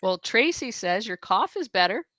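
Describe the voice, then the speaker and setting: A woman's voice: medium pitch, sing-song, moderate pace, fairly bright tone. A woman co-hosting a live chat, relaying viewer comments in a matter-of-fact way. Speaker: co-host reading chat.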